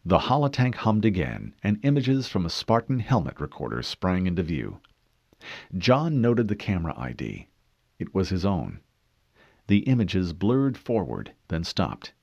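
Man reading an audiobook, low voice, dry close sound. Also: vocal fry, darkish tone, no room sound. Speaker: narrator. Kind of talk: audiobook narration. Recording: dull dry studio read.

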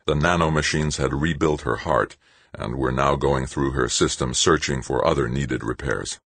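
Deep, husky male audiobook narrator, measured and dry. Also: steady tone, a bit bright, no room sound. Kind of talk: scripted narration.

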